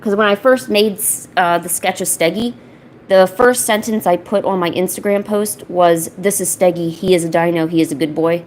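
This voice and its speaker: A woman streaming a painting session from home, chatting casually and rambling with lots of restarts, often cooing softly to her cat. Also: fairly low pitch, fairly even intonation, normal speed, a little hiss or hum, poor audio. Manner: rambling, self-interrupting, soft baby talk to her cat. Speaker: art streamer. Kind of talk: casual chat while painting. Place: home, indoors.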